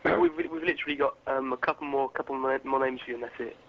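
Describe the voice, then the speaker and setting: A man interviewing, reading out fan questions in quick, halting bursts. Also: mid-range voice, wildly swooping pitch, vocal fry. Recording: muffled, noisy, off-mic.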